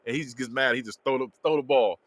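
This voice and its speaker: A man's voice: mid-range voice, fast, no room sound. A man casually recapping a movie plot on a podcast, acting out the characters' lines and laughing along. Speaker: podcast host. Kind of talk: casual movie review chat.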